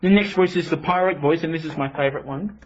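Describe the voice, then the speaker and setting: Reviewer walking through software. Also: medium pitch. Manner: explanatory, halting restarts. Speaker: product reviewer. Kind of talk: casual demonstration. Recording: dull home recording, faint hiss.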